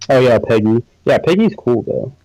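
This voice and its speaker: In a rough recording, a young podcast co-host with a mid-range, dark-toned voice chats animatedly at a moderate pace on a casual live stream. He rambles, leans on filler words, and laughs often.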